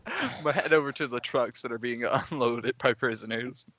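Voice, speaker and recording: A man's voice: medium pitch, animated, brisk, bright, forceful tone, muffled recording. A man playing a tabletop role-play, talking through laughs in an exasperated way. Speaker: player.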